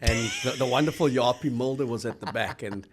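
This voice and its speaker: South African man, co-host, rugby chat, rambling stories, mid-pitched voice. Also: a little fast, noisy background. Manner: rambling storytelling with fillers.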